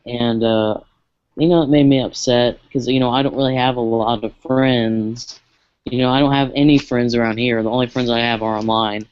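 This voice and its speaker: A man's voice: medium pitch, steady tone, moderate pace, darkish tone, clean tone, no room sound, lo-fi sound. A man co-hosting a casual chat, speaking hesitantly with lots of fillers as he confides in a friend. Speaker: podcast co-host.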